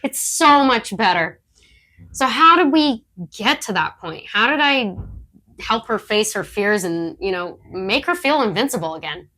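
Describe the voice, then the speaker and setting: A woman's voice: medium pitch, expressive, a little slow, bright, forceful tone. A woman co-hosting a podcast, chatting casually and telling training stories with frequent laughs. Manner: chatty storyteller who laughs often; acts out her dog's thoughts in quotes. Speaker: podcast co-host, disc dog trainer.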